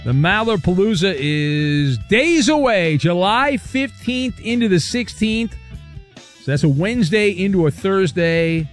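A man hosting a talk radio show, brisk and jokey as he reads out listener messages. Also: sits high, animated, faint music behind. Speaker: sports radio host.

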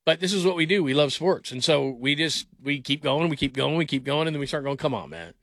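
Sports talk host, male, middle-aged, emphatic rant, slightly high voice. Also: steady tone, quick pace, fairly bright tone, no room sound, studio quality. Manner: emphatic, ranting, repeats words for stress. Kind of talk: opinionated sports commentary monologue.

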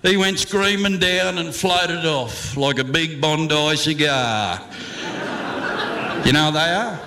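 A man's voice: a little high, slow, sharp tone, a little hiss or hum. A man with an Australian accent reciting a comic verse yarn in a rollicking, theatrical way, heavy with slang.

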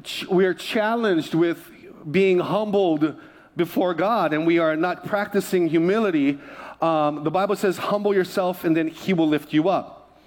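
Man, pastor, sermon, higher voice, humorous stories, repeats phrases, calls on the congregation. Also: darkish tone. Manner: asks the congregation for responses.

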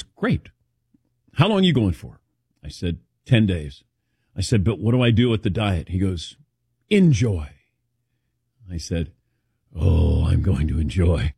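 A man's voice: low voice, vocal fry, mellow, breathy edge, no echo, studio quality. A man hosting a casual chat show, telling rambling personal stories. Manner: rambling anecdotal storytelling. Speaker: host.

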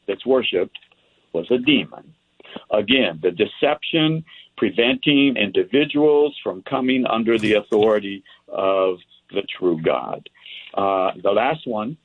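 A man with a lowish, husky voice teaches scripture to a group of men, reading verses and adding asides. He speaks slowly and deliberately. The sound is thin and phone-like, with a dry, close feel. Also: no echo. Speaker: pastor. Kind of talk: Bible teaching to a men's group.

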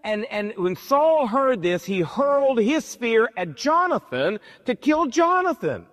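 Male pastor, high-pitched, conversational retelling of scripture, reverberant hall. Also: sing-song, a little slow, fairly bright tone. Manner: paraphrases scripture in casual modern speech. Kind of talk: sermon.

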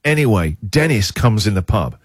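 A man hosting a radio show, telling lively stories and acting out what people said. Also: fairly low pitch, moderate pace, breathy edge, no room sound, clean studio sound. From England. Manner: animated storytelling, acts out quotes. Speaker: radio host. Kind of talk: casual radio chat. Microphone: studio microphone.

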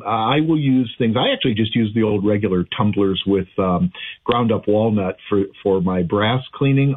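A man's voice: fairly low pitch, breathy edge. A man talking casually as an expert guest on a radio show, chatty and full of restarts. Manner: chatty, frequent restarts and fillers. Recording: phone-like radio audio.

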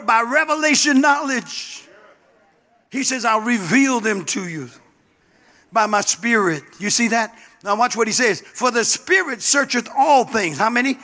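High, bright-voiced preaching man. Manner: emphatic call-and-response preaching. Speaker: pastor. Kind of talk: sermon.

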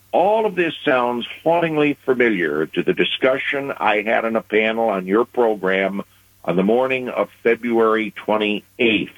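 A man giving deliberate, measured foreign affairs commentary on a news program, pausing for emphasis. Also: fairly low pitch, breathy edge, no echo. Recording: phone-line radio audio.

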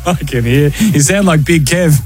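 A man with an Australian accent hosting a radio show, energetic and jokey, full of slang. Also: fairly high pitch, normal speed, music in the background. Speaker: radio host. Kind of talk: breakfast radio banter. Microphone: studio microphone.

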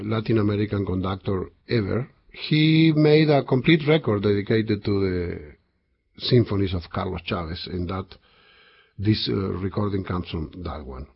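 A man hosting a classical music radio show, introducing pieces with unhurried enthusiasm. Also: on the low side, gravelly, breathy edge, muffled recording. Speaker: radio host and composer.

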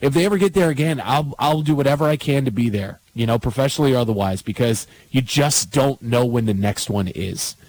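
A man in his forties co-hosting a sports talk radio show, chatting casually, animated, often stumbling over his words. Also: mid-range voice, brisk, few pauses, poor audio. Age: 40s.

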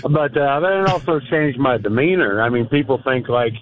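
A man's voice: medium pitch, expressive, moderate pace, a little hiss or hum. Male caller on a tinny phone line. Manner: candid, hesitant, many fillers. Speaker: guest caller. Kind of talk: casual radio conversation.

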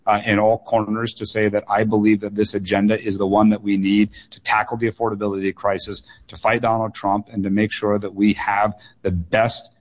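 A political candidate, a young man from the United States, answers listener questions on a radio show. His low voice is earnest, with frequent restarts and doubled words. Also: flat delivery, fairly quick, few pauses. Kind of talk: radio call-in interview.

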